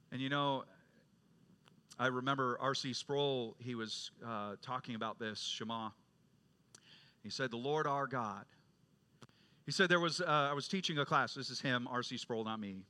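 Bright-voiced preaching man. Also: fairly high pitch. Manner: storytelling preacher, swings from loud proclaiming to hushed retelling. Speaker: pastor. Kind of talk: sermon. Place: church sanctuary.

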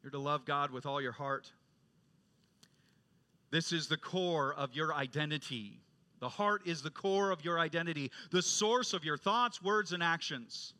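A man preaching a sermon as pastor, moving from loud proclaiming to quiet storytelling. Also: fairly high pitch, measured pace. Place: church sanctuary.

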